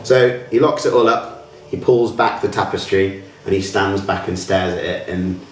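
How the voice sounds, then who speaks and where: A man's voice: low-pitched, moderate pace, faint music behind. A man narrating a tabletop game as game master, rambling with many fillers. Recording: roomy, from a distance.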